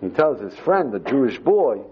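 An older man, a rabbi, telling a story with lively acted-out dialogue, on a dull lo-fi recording. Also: mid-range voice, normal speed, a little hiss or hum. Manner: animated storyteller acting out dialogue. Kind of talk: storytelling talk. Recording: dull lo-fi recording with faint ambience.

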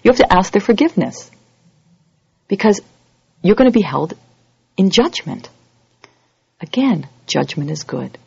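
Religious teacher, sermon, husky voice, animated storyteller, lo-fi dry recording. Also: mid-range voice, unhurried, long pauses, no room sound. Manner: lively, acts out everyday scenes in other voices. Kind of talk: holiday sermon to a congregation.

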